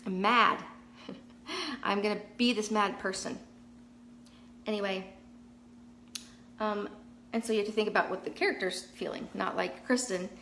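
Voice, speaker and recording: A woman's voice: mid-range voice, measured pace, pauses often, pushed and bright. Middle-aged woman, rambling live-stream painter, roomy garage sound, faint hum. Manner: chatty, rambling, reads viewer comments aloud. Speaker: painting vlogger. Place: garage, kneeling on concrete floor.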